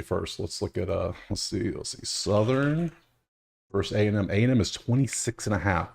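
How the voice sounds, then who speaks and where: Guy going over basketball bets, kinda low voice, muttering and grumbling to himself. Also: gravelly, darkish tone. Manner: muttering to himself, chatty, wry and exasperated asides. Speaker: sports betting video host. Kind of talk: casual solo commentary over stats.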